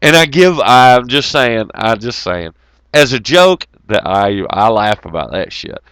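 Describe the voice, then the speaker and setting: A man's voice: mid-range voice, big pitch swings, measured pace, fairly bright tone, clear, resonant tone, no room sound. A man giving a profane, rambling, jokey monologue to his viewers, laughing often. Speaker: YouTube commentator. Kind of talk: casual ranting monologue.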